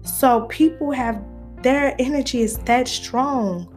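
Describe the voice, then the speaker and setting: A woman's voice: high voice, slow, faint music behind. A woman vlogger, talking casually to her viewers, playful and preachy. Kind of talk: casual chat to camera.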